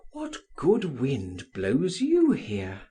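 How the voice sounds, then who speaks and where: A man's voice: medium pitch, huge pitch swings, very slow, mellow, husky, exaggerated voice. A male narrator voicing a respectable older woman who answers hesitantly and in a fluster, in an audiobook. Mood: surprised.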